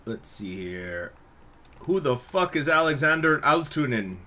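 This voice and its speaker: A man's voice: a little high, big pitch swings, a little slow, pushed and bright. A man giving casual, rambling let's-play commentary, joking and swearing freely. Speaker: game streamer.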